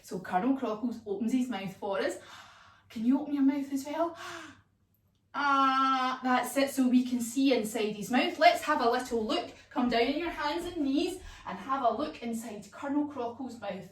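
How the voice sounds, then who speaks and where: A woman teaching a children's yoga class as a story, animated and sing-song with playful sound effects. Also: high voice, a little slow. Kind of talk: storytelling kids' yoga lesson. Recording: echoey room, voice from far off.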